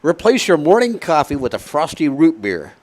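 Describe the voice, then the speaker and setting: A man's voice: fairly high pitch, sing-song, moderate pace, darkish tone. A man co-hosting a morning show, reading a joke list in a playful, jokey way. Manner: jokey, reads gags with playful lift. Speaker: co-host reading a top ten list. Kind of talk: casual chat.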